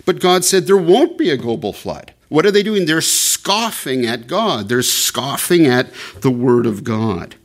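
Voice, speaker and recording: Male preacher, mid-pitched, explanatory, digressive teaching sermon. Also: very animated, measured pace, hardly any pauses. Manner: explanatory, digressive, frequent fillers and restarts. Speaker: pastor. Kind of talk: expository sermon.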